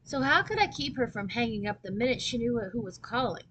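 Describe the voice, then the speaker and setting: A woman with a fairly high voice reading a children's novel aloud. She narrates in a lively first-person manner, with a faint hum of room noise behind her. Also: a little fast, lo-fi sound. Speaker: storyteller.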